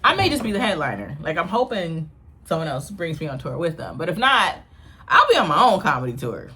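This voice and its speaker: A woman stand-up comedian talks casually to her camera at home in New York, in a place without central air, rambling and mocking herself with frequent laughs. Her voice sits low and is husky, bright, and forceful, and she speaks briskly and very animatedly.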